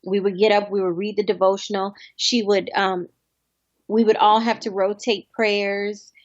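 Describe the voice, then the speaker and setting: A woman's voice: mid-range voice, flat delivery, moderate pace, no echo, muffled recording. Heartfelt woman in her thirties. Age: 30s. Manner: heartfelt, reminiscing. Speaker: guest. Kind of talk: interview conversation.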